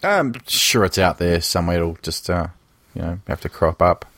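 A man's voice: low-pitched, animated, moderate pace, a bit bright, no echo. A man co-hosting a casual film podcast, rambling and making crude jokes. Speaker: podcast co-host.

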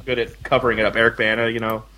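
A man's voice: mid-range voice, level tone, racing, pushed and bright. A man in casual chat who rambles, filling his talk with "like" and "you know".

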